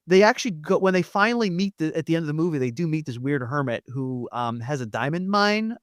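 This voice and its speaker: A chatty podcast panelist with a lively, bouncing pitch. The talk is casual, with lots of hedging and laughter. The sound is close and dry. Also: fast talker, dry recording. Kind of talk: casual chat.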